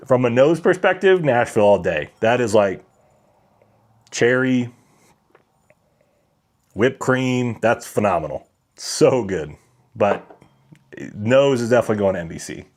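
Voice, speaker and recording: A man's voice: mid-range voice, a little mellow. A man hosting a casual whiskey livestream, chatting with viewers and reading their comments aloud. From Colorado.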